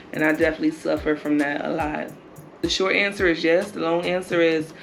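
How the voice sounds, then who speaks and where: A man who co-hosts a couple's channel, answering an interview question in a reflective, measured way and listing his reasons one by one. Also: fairly high pitch, vocal fry.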